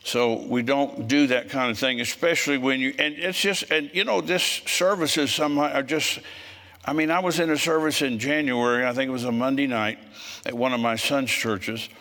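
A man in his seventies preaching a sermon, telling stories bluntly and growing forceful when he scolds. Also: mid-range voice, moderate pace. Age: 70s. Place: church service with congregation.

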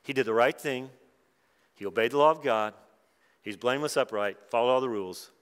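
A man's voice: mid-range voice, fairly quick, clear, resonant tone. A middle-aged man preaching at a conference in a conversational way, with wry asides. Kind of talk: conference sermon. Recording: long hall reverb.

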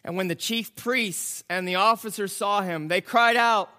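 A man preaching a sermon, reading scripture and explaining it in a slow, dramatic way that builds to emphatic outbursts. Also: sits high, pushed and bright. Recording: long hall reverb.

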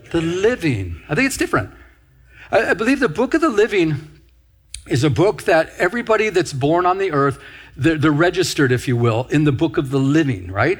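A middle-aged male pastor delivers a teaching sermon in a voice that sits a bit higher than most men's. He talks it through step by step, repeats his key phrases and throws questions out to the congregation. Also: husky.

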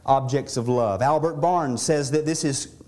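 A man's voice: medium pitch, measured pace, mellow. A middle-aged man preaching an expository sermon as pastor, earnest and conversational, often restarting and repeating words as he explains a passage.

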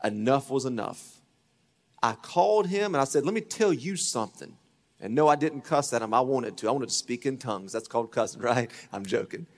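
Pastor preaching a story in a reverberant church. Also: male voice, mid-range voice, lively intonation, brisk. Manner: storytelling, acting out quoted voices, swings between loud and hushed. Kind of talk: sermon. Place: church sanctuary.

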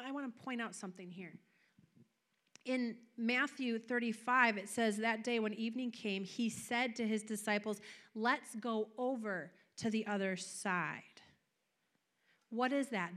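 A woman's voice: on the high side, a little slow, fairly bright tone. A woman preaching a sermon, telling a personal vision and a scripture passage with passion and rising emphasis. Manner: passionate, building to raised emphatic peaks.

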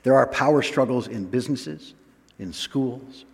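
A man preaching a sermon. He reads scripture slowly, then explains it in a relaxed, chatty way with small laughs. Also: mid-range voice, creaky, in a large hall.

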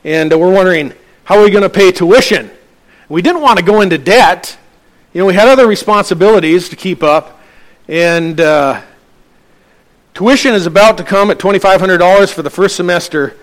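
A man's voice: high-pitched, moderate pace. A middle-aged man, a pastor telling a personal story from the pulpit in a sermon and acting out the dialogue.

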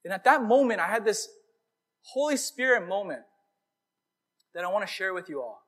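High-voiced man preaching a casual sermon. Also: moderate pace. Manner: conversational storytelling, animated. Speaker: pastor.

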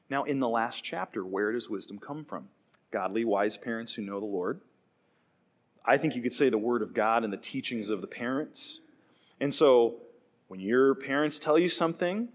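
A man in a young adult age range preaching a sermon with animated delivery, acting out quoted voices now and then. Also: medium pitch. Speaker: pastor.

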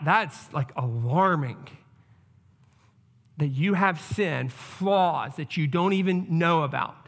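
A man's voice: high-pitched, a bit bright, long reverb tail. A man preaching a sermon as pastor, earnest, repeating his questions and restarting his sentences.

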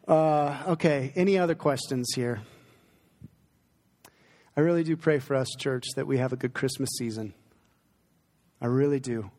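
A man's voice: mid-range voice, moderate pace, long pauses, darkish tone. Earnest man preaching in a reverberant hall. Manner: earnest, conversational, emotional in places. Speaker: pastor. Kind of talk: sermon Q&A with congregation. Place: church sanctuary.

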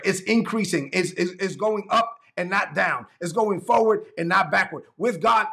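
Guy preaching a sermon, pushy and repetitive, bright gravelly voice. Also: high-pitched. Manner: emphatic, repetitive, exhorting. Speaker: pastor.

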